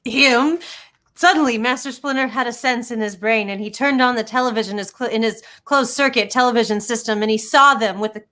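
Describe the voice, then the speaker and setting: A woman narrates an absurd improvised story with a high, bright voice. Her delivery is playful and matter-of-fact, as though she were performing from home for an online show. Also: fast talker, hardly any pauses.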